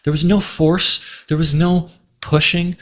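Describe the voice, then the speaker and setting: A man giving a relationship talk, explaining gently through a story and acting out the quoted voices. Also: a little high, little pitch movement, unhurried. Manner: acts out quoted voices in stories. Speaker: relationship speaker.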